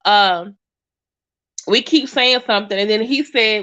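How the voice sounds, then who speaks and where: A woman's voice: medium pitch, unhurried, fairly bright tone. A woman giving casual reaction commentary, chatty and hesitant with many fillers. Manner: chatty, hesitant, lots of ums. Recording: dull lo-fi audio.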